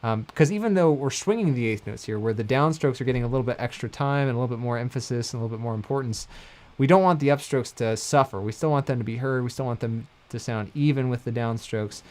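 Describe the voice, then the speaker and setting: A man giving a casual livestream mandolin lesson, talking in a relaxed, rambling way and correcting himself often. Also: medium pitch, quick pace. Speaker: mandolin teacher. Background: mandolin playing between phrases.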